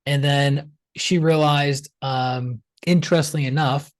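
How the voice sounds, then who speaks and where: A man tells his story as an interview guest, chatty and animated, and acts out the voices of the people in it. His voice sits slightly high for a man. The sound is dry and close, with no room echo. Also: unhurried. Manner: chatty and animated, acts out quoted dialogue, many "like" fillers. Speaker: pranic healer, podcast guest.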